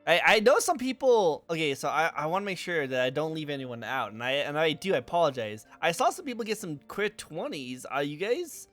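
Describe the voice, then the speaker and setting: A man hosting a livestream interview with an eager, excitable manner, often turning to address his chat. His voice sits a bit high for a man, and soft music runs in the background. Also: a little fast, few pauses. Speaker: interview host. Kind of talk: casual stream interview.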